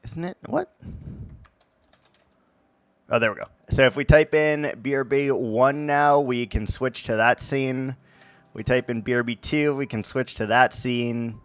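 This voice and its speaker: A male streamer chatting over his gameplay in a loose, joking, meandering way. He speaks at an unhurried, drawn-out pace with an average-pitched voice. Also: fairly even intonation, dry recording. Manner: playful, rambling, jokey. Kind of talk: live game stream commentary.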